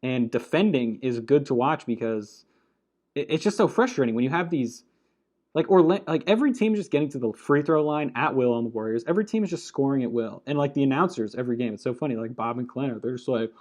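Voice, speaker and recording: A man's voice: mid-range voice, animated, quick pace, a little mellow. A man giving a casual, blunt basketball opinion rant, annoyed and swearing, with frequent restarts. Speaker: basketball commentator.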